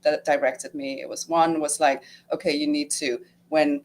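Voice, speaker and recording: Recounting her retreat as a guest, a middle-aged woman speaks in a low, slightly mellow voice with little pitch movement and a moderate pace. Her casual story is emotional and full of fillers and acted-out inner quotes, and there's a little hiss or hum.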